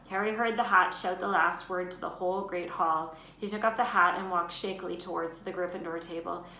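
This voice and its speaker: A woman teacher reading a children's book aloud in an expressive storytelling voice. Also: fairly low pitch, a little fast, hardly any pauses. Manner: expressive, lifts her voice for names and shouts. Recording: roomy room echo, faint noise.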